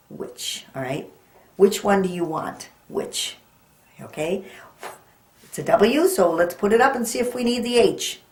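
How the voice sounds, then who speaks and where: Woman, reading teacher, slow and patient phonics delivery, roomy echo. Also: on the low side, a little mellow. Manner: slow, patient, sounding out letters. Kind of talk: children's phonics lesson. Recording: echoey room.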